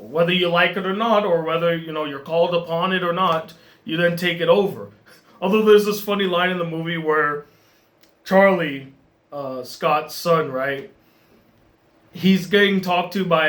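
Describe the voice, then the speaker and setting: A man giving a casual film review in an animated way, often laughing and restarting his sentences. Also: high-pitched. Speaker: movie reviewer.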